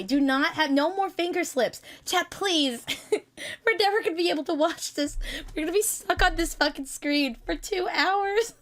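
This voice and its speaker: High-voiced excitable woman streamer. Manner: excitable, laughing often, swearing in mock outrage. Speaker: streamer hosting a chat with creators. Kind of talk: casual live stream chat.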